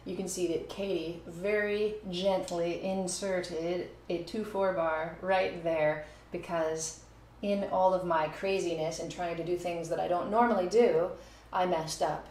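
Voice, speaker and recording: This music teacher speaks on the low side at a measured pace, her tone steady and a little mellow, with few pauses. She narrates her playing in a casual video lesson, sometimes counting beats or scatting brief phrases, in an echoey room carrying faint noise.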